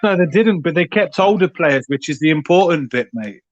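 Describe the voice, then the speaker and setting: A man hosts a casual debate podcast, sparring cheekily with his guests. His voice sits a bit high and he argues his corner stubbornly. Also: lively intonation, a little fast, muffled recording. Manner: cheeky, argumentative. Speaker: host.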